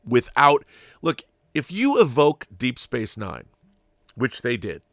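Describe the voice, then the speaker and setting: A man's voice: medium pitch, wildly swooping pitch, slow pace, gravelly, a bit bright. A man delivers an exasperated commentary rant, sarcastic and profane, in a middle-range voice. The sound is dry and close with no room echo. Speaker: channel host. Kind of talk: opinion commentary monologue.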